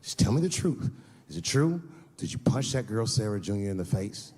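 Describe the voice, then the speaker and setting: A man performing stand-up comedy, telling a story and acting out characters in an animated way. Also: brisk, husky. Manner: animated, acts out characters with high-pitched voices. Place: live comedy venue with audience laughter.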